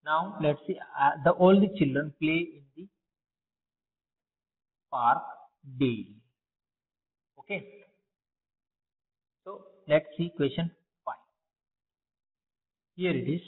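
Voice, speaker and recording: A man's voice: on the high side, slow, long pauses, husky. Indian english guy teaching, goes over answers, repeats himself, sounds like on a phone in a big echoey room. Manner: repetitive, asks and answers own questions. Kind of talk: explaining test answers to pupils. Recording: phone-like, long reverb.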